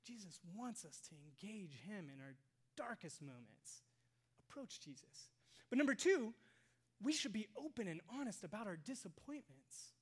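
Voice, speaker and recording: Preacher swinging from loud to hushed. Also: medium pitch, very animated, moderate pace, breathy edge. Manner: swings between loud emphasis and hushed near-whispers; rhetorical questions to the congregation. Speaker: pastor. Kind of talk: sermon. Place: church sanctuary with congregation.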